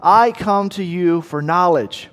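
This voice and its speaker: A man voicing a pompous, eager young man who pleads in a high, overblown voice. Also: slow pace. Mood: pompous pleading. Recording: long reverb in a big hall.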